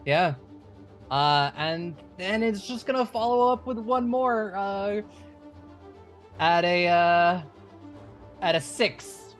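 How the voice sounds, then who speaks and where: A man running a tabletop game as game master, calling out rolls and narrating the enemies' moves in a relaxed way. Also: sits high, takes it slowly, long pauses, soft background music.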